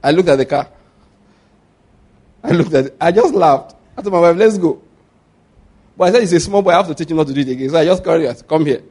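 A man's voice: fairly high pitch, quick pace, pauses often, breathy edge. A man, preaching a sermon as pastor. He tells stories with frequent laughter and asks the congregation questions for them to answer back. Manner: animated storytelling with call-and-response questions; laughs often while preaching.

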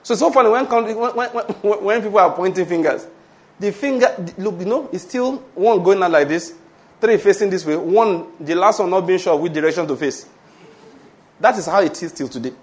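A man's voice: sits high, lively intonation, a little fast. A middle-aged man with a Nigerian accent preaching a sermon, emphatic and calling for responses from the congregation. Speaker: pastor.

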